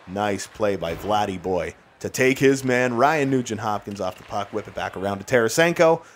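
A man doing excited, jokey play-by-play commentary while playing a hockey video game. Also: on the low side, moderate pace. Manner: excitable, jokey, bursts into shouts and laughs. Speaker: gaming YouTuber.

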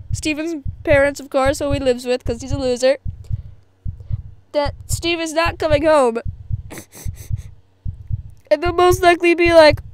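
A woman's voice: high-pitched, no room sound. A woman doing goofy, rambling let's play commentary, joking with her patient as she goes. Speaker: gameplay commentator.

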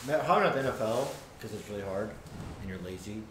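A man's voice: lowish voice, expressive, fast. Male host, blunt teasing banter, noisy echoey room. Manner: teasing, blunt, swears freely. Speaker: streamer host. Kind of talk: casual chat. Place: house room. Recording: echoey room with background noise.

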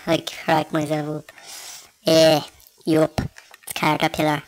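A man's voice: fairly high pitch, completely flat delivery, takes it slowly, long pauses, no room sound. A man with a Dublin Irish accent rambles through casual gameplay commentary into a small desktop microphone, cracking crude, self-mocking jokes. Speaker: gamer.

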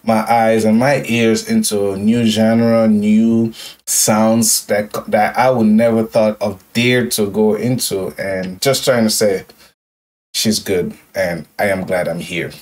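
A man's voice: lowish voice, steady tone, takes it slowly, darkish tone, distant mic. A young man hosting a music reaction video, emotional and repetitive, with lots of yo and like. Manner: emotional, repeats phrases, says yo and like. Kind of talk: casual reaction commentary.

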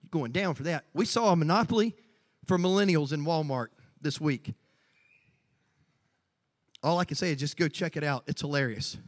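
A woman's voice: deep voice, normal speed, long pauses, big-room sound. A woman pastor preaching a sermon in a church sanctuary, conversational, with joking asides to the congregation.

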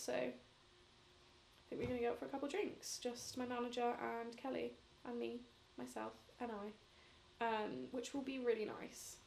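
A woman in her twenties vlogs to camera, drunk and tired late at night, rambling casually with lots of fillers. Her voice is fairly high with vocal fry, and there's a little hiss or hum in the audio.

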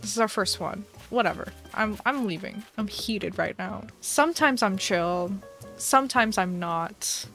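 A young woman streamer giving chatty, excitable commentary while playing a game, swinging between dramatic despair and delight. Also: mid-range voice, unhurried, faint music behind.

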